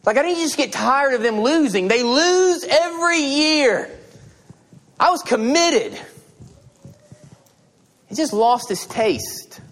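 A man's voice: very high-pitched, slow pace, pauses often. A middle-aged man preaching a sermon, telling stories and acting out the dialogue in them. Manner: animated storytelling, acting out dialogue. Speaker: pastor.

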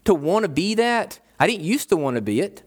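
High-voiced man preaching a sermon. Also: big pitch swings, fairly quick. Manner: conversational preaching with repeated phrases. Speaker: pastor.

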